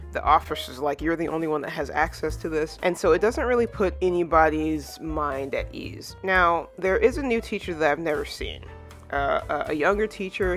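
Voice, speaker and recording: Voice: medium pitch, fairly bright tone. Rambling casual manga recapper. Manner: rambling, full of "you know" and "like" fillers; acts out characters' lines when retelling. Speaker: manga reviewer.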